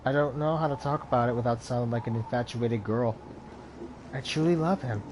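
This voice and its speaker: A man's voice: mid-range voice, brisk, background noise. A man playing a video game, reading its dialogue and narration aloud in a dramatic way, with his own comments in between. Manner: dramatic reading, voicing different characters. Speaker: video game let's player.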